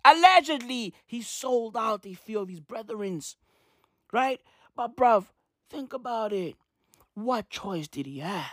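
A young man delivering a comedic rant, animated and slangy, swearing and repeating his punchlines. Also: extremely high pitch, slow, pauses often, no room sound, studio quality. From South Africa. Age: young adult.

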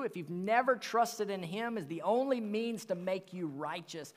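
High-voiced pastor preaching slowly, hall reverb. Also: male voice. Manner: earnest preaching, rises and drops to near whisper. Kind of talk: sermon. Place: church sanctuary.

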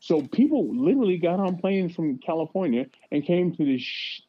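A man's voice: fairly high pitch, moderate pace. A man chatting on a podcast, telling travel stories with lots of swearing and restarts. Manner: profane, animated storytelling with many restarts. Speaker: podcast co-host. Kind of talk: casual chat. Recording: dull lo-fi sound.

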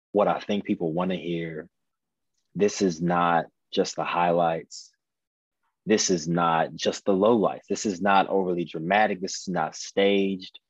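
Guy in his 30s talking earnestly about his own story, kinda husky, restarts a lot, dry muffled sound. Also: sits low, no echo. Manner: earnest, candid, frequent restarts and repeated phrases. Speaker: podcast guest. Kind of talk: personal storytelling in conversation.

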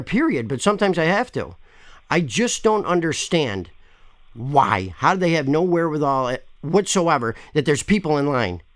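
A man's voice: medium pitch, fairly bright tone, no room sound. A man making a prank call to a store, rambling, pushy and swearing often. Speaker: caller complaining to a store.

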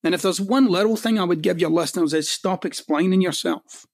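Speaking fast and with a creaky, high-pitched voice, a middle-aged man from Scotland appears as a guest author on a podcast. He's blunt and emphatic, using swearing for emphasis, and the recording is dry with clean studio sound.

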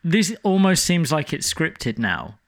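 A man's voice: a little high, sing-song, unhurried. A man co-hosting a podcast, chatting casually with dry, teasing humor. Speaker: podcast co-host. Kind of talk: casual comedic chat.

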